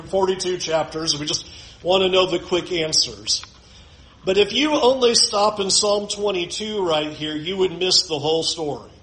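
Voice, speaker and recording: High-voiced preacher in an echoey room. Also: male voice, a bit bright. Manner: reads scripture slowly and dramatically, then asks the audience questions. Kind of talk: sermon.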